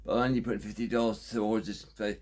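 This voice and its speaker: Rambling Australian man with a husky voice. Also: fairly low pitch, flat delivery, a little mellow. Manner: rambling, halting, lots of ums and restarts. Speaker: chainsaw vlogger. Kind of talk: casual workshop vlog. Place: home shed.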